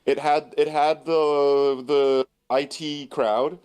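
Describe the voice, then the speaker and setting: A man's voice: fairly high pitch, flat delivery, slow pace, darkish tone, smooth. A man co-hosting a casual chat, rambling and laughing often. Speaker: co-host.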